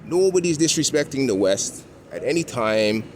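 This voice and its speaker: A man's voice: medium pitch, animated, moderate pace, a crowd in the background. A man from Toronto with a Toronto accent, talking in a laid-back slang-filled way while walking, with lots of "you know what I'm saying". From Toronto, Canada. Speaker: vlogger. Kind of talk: casual walking vlog rant. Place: outdoors on a city street. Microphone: handheld camera while walking. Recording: street noise from passing vehicles. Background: traffic and street ambience.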